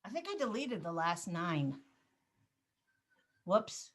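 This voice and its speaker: A woman teaching a Spanish class over a video call, patient and encouraging, drilling words slowly. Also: lowish voice, big pitch swings.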